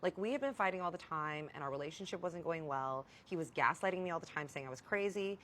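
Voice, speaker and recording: A young woman recounts her own story in a low-pitched, confiding voice. She is blunt and swears casually, as if speaking straight to friends. A faint ambient hum sits under her voice. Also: expressive, fast, fairly bright tone. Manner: candid, profane, confiding. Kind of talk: storytime vlog.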